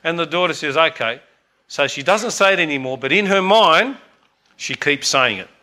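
A man's voice: fairly high pitch, expressive, normal speed, bright, forceful tone. A man, preaching and telling a story in an earnest, emphatic way, repeating points for emphasis. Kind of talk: sermon storytelling.

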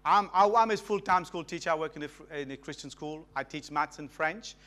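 A man's voice: a little high, fairly quick. A middle-aged man from Mauritius, preaching a sermon as a guest and calling for responses from the congregation. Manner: animated, calls for audience responses.

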